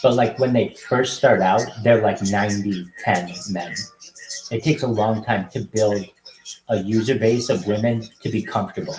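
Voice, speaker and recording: A young man hosting a casual livestream, greeting strangers on video chat with loud, excited calls. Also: on the low side, moderate pace, soft background music. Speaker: livestream host. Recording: roomy echo.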